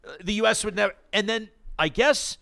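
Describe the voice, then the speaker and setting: A man's voice: sits high, fairly quick, creaky, bright, forceful tone. A man hosting a casual political talk show, thinking aloud with many restarts and reading out viewer comments.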